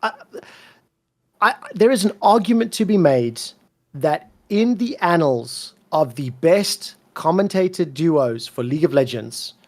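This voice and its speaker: A man from South Africa with a soft South African accent that leans British and American, telling his career story in an interview with blunt emphasis and plenty of swearing. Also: fairly high pitch, expressive, unhurried. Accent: soft South African, mixed with British and American. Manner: emphatic, swears freely, repeats words when fired up. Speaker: esports commentator, interview guest.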